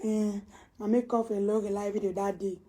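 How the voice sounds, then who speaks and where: A woman vlogger with a Nigerian Pidgin accent, ranting on camera and swinging from low muttering to loud, high scolding. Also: flat delivery, normal speed. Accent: Nigerian Pidgin English. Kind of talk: casual ranting vlog.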